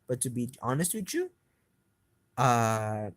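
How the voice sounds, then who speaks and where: A young man ranting on and on, swearing constantly, his voice climbing in pitch as he gets worked up. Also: big pitch swings, slow, dry recording. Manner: agitated, swears constantly, voice climbs when heated. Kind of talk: profane rambling rant to camera.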